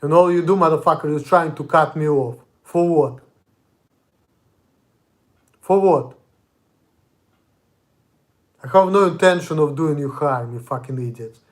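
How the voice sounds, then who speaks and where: A man's voice: on the high side, fairly quick, hardly any pauses. Angry ranting man with a Russian accent. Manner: profane, ranting, confrontational. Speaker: vlogger. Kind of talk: angry monologue.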